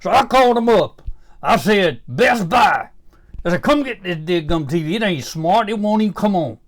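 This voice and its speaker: Man putting on grumpy old Southern grandpa, Louisiana accent, folksy exasperated rant, high voice, comic monologue. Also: expressive, normal speed. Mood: grumbling. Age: older. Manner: folksy, grumbling, exasperated, rising to indignant outbursts. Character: cranky old Southern grandpa fed up with gadgets.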